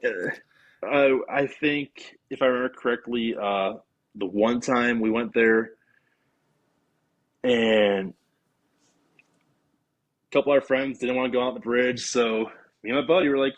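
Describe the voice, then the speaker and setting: Husky dude telling a ghost story on a podcast, acts out all the quotes. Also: male voice, mid-range voice, normal speed, pauses often, highs cut off. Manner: animated storyteller, acting out his own quotes. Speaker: podcast guest. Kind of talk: casual storytelling chat.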